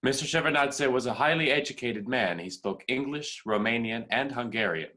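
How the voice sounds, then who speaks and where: A man reading the part of an older American secretary of state over a video call, in a measured, even way. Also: mid-range voice, close to an everyday voice.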